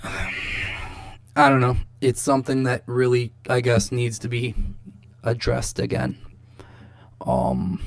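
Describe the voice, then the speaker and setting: A young man talking slowly through a rambling, exasperated reaction to a debate clip. His voice has a gravelly fry to it, and he swears freely as he picks apart what he has just heard. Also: mid-range voice, a little mellow. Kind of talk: casual commentary.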